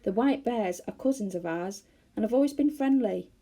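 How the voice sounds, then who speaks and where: A woman's voice: mid-range voice, animated, moderate pace. A woman reading a storybook aloud and voicing Father Bear, a kindly, growly big bear. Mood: mournful. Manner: gentle, growly.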